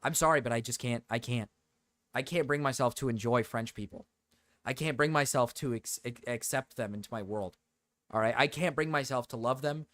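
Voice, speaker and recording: A man's voice: medium pitch, normal speed, fairly bright tone, no room sound. A man chatting live on a stream in an ordinary mid-range voice, recorded dry and close. He rambles and repeats himself in joking, profane rants. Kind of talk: casual live-stream chat.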